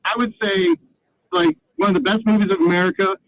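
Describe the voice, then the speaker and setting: High, gravelly, heated sports radio voice. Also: male voice, big pitch swings, a little fast, a bit bright, no echo, low-quality recording. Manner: heated, exasperated, emphatic. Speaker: reporter. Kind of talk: impassioned sports opinion.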